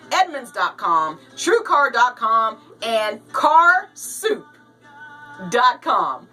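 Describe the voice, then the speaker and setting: A woman giving casual, animated commentary on news stories, with jokey asides. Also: on the high side, far from the mic, low-quality recording. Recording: voice a bit off-mic, with light music behind.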